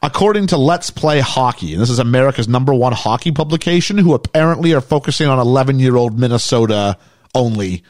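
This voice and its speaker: A podcast host with a mid-range, slightly mellow voice recaps a movie in a jokey, storytelling manner during a casual chat. He talks fast with lively intonation, and the clean studio sound has no room noise.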